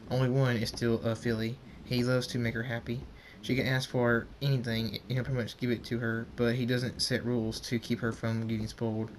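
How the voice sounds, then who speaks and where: A man voicing a loyal, blunt male dragon in a read-aloud fan story, with a casual, halting delivery. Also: medium pitch, level tone, slight background noise, natural voice.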